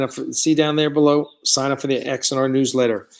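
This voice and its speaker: A man's voice: medium pitch, little pitch movement, quick pace, creaky. A man hosting a live stream, chatting casually with viewers in a rambling way, with many fillers, and reading out their comments. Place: studio set of a starship bridge.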